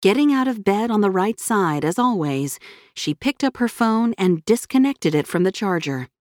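Reading a scripted audiobook, this woman uses a mid-range voice and a steady, measured storytelling style. The sound is clean studio audio without any room tone.

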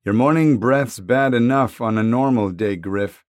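A man's voice: mid-range voice, unhurried, a little mellow, no echo, studio quality, close to an everyday voice. A man voicing a hurt teenage boy who speaks in short, breathless gasps in a storybook reading. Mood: strained. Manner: breathless, wheezy. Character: teenage boy with broken ribs, gasping.

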